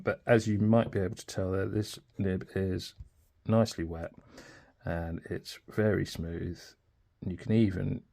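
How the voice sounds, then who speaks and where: A man's voice: low-pitched, vocal fry, darkish tone. A man chatting informally and thinking aloud in a casual pen review.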